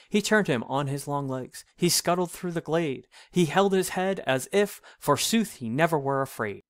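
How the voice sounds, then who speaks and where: A man reading an old rhyming storybook aloud, in a measured, sing-song delivery. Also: on the high side, animated, no room sound, clean studio sound.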